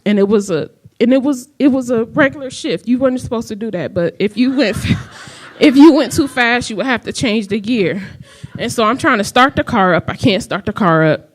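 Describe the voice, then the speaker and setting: A woman's voice: a little high, normal speed. Woman telling a personal story. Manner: conversational, acts out quoted dialogue. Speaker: speaker telling her story.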